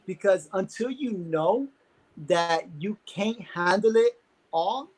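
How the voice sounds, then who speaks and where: A man's voice: sits high, expressive, slow pace, rough recording. A young man as an interview guest, talking earnestly and casually with many fillers.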